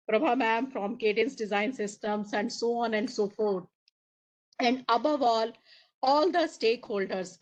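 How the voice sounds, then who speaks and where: Woman, formal closing remarks, earnest, slightly high voice. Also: poor audio. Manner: earnest, emphatic, reads long list of names. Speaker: session moderator, official. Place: conference hall.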